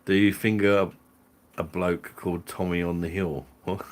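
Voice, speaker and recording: A man's voice: deep voice, level tone, moderate pace. A man hosting a live stream, chatting casually with viewers in jokey banter and laughing often.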